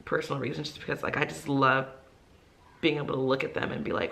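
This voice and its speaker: A woman's voice: a bass voice, level tone, quick pace, vocal fry, a bit bright. A young woman, an ESL teacher, rambling casually to camera in a vlog, full of fillers and easily moved to tears. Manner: rambling, filler-heavy, emotional. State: teary, crying.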